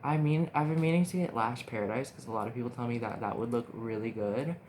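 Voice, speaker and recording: Talking fast, a young man films a casual makeup tutorial on his phone, rambling and getting easily excited as he goes. His voice sits mid-range, he frequently talks to himself, and a constant hiss lies beneath the audio.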